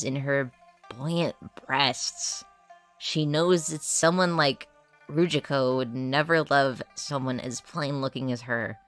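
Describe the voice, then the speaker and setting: A man playing an exasperated male warrior who reads a cheesy romance aloud and keeps protesting loudly. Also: a little high. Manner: grumbling, loud protesting outbursts. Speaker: player character. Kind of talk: in-character dramatized reading in a tabletop game.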